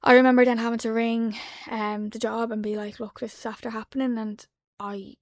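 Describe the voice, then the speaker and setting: Irish woman in her 20s, gravelly flat voice, halting and hushed, dry close sound. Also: fairly high pitch, dry recording. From Ireland. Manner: soft-spoken, halting, drops to a hush when recalling. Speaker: podcast guest. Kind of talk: emotional personal account. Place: podcast studio.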